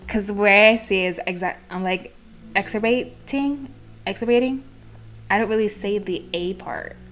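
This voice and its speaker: A woman's voice: mid-range voice, moderate pace, a bit bright. A woman hosting a let's play video, giggly and self-mocking as she comments, with faint game music behind. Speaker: gaming video host.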